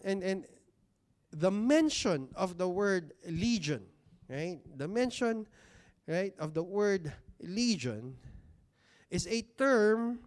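Man, preacher, sermon, high-pitched, unhurried, rhetorical questions, drawn-out emphasis. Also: darkish tone. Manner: conversational, asks the congregation rhetorical questions; stresses key words with slow, drawn-out delivery. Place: church hall with congregation seated.

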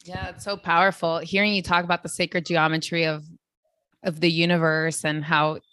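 A woman's voice: lowish voice, flat delivery, moderate pace, sharp tone, no echo. A woman hosting a casual conversation, reflecting thoughtfully in spiritual terms.

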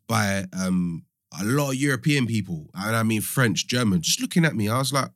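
Animated man, lowish voice. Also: normal speed, few pauses, no echo, clean studio sound. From London. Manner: animated storytelling, repeats himself, rising pitch when riled. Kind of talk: casual chat.

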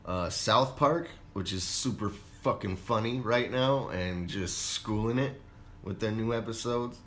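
A man's voice: fairly low pitch, unhurried, fairly bright tone, a little hiss or hum. Laid-back, profane male podcast host. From Colorado. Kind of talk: casual solo podcast chat.

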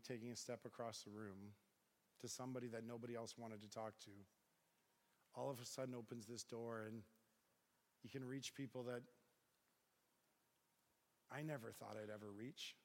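In a large hall, a middle-aged pastor with a mid-range voice preaches a story to a crowd at normal speed, pausing often. He brings the sermon to life by animatedly voicing the dialogue.

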